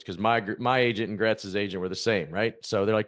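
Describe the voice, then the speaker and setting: Man, 40s, podcast host, fast talker, low-ish voice, joking casual banter. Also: fairly bright tone. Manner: joking, laughs easily, quick banter. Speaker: podcast host, former pro golfer. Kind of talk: casual chat.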